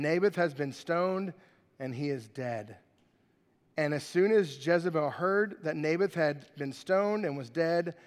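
A pastor preaching a sermon and reading scripture, acting out the characters with animated voices. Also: male voice, on the high side, big-room sound.

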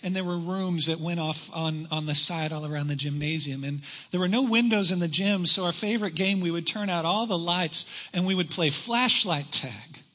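A man preaching a sermon, telling a funny personal story with animated, acted-out moments before closing in prayer. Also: a little high, moderate pace, hardly any pauses. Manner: animated storytelling, acts out his own panic. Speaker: pastor.

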